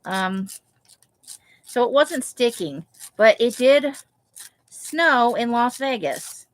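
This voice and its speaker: With a slightly high voice, lively intonation, and a slow pace, this woman hosts a live craft stream, with no room sound. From her home craft room in Las Vegas, she snips magazine pictures and thinks out loud in a casual way.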